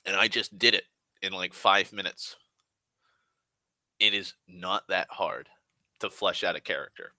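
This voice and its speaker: Young male host, deep but crisp-edged voice, rambling profane monologue. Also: unhurried, long pauses, pushed and bright, no echo. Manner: rambling, full of "like", restarts and swearing. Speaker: online show host.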